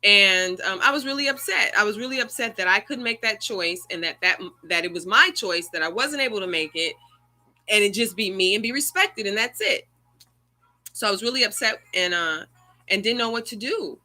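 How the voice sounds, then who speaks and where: A woman's voice: medium pitch, animated, normal speed, bright, forceful tone. A woman hosting an online circle, telling a personal story in an earnest, conversational way over a video call. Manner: earnest, conversational, rising emotion. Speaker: circle host.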